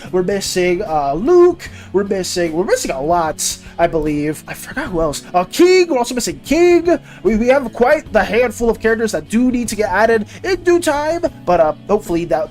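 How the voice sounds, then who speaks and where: An art streamer talking casually with viewers on a live stream. The pitch jumps around animatedly as they read chat messages aloud and reply to them. Soft music plays faintly underneath.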